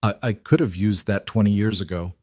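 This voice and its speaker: A man voicing a kind, widowed single father who speaks calmly with a mild teasing edge. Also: lowish voice, brisk, dry recording, studio quality, close to an everyday voice. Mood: reflective. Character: kind widowed single dad, wry and steady.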